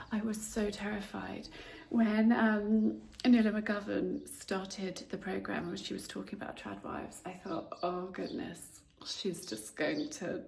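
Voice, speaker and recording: A middle-aged woman from England talking through her day in a casual vlog, chatty and emotional, often dropping to a hush. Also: mid-range voice, gravelly. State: emotional, tearful. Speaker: vlogger. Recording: echoey room, faint background noise.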